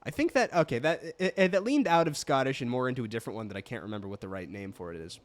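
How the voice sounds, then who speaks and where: A man's voice: mid-range voice, animated, very fast, hardly any pauses. A man giving casual, self-deprecating commentary while playing a video game and reading its text aloud. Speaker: let's play host.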